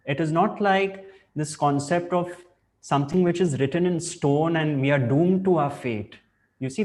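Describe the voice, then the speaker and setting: A man giving a spiritual talk, reflective and deliberate, weaving in a parable. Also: a little high, a little mellow. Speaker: spiritual teacher.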